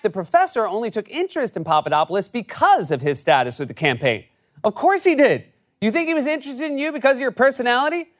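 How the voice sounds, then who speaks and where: A man hosting a late-night comedic news monologue with a sarcastic, punchy delivery. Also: sits high. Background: studio audience laughter.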